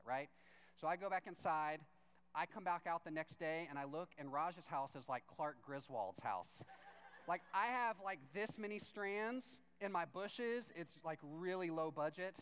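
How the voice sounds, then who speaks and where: A man with a high, clean, smooth voice spins a self-mocking comic story for a church crowd. He is animated throughout and leaps into excited outbursts as he acts out his own reactions. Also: a little fast.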